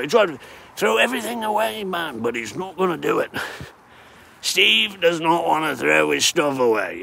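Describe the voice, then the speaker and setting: A man with a high, wildly swinging voice and a gravelly edge, riffing aloud as he walks along an outdoor road. He jumps between offhand jokes and goofy put-on voices in one loose stream. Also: background noise. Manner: improvised, jumps into silly impressions. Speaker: vlogger. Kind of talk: rambling comic monologue while walking.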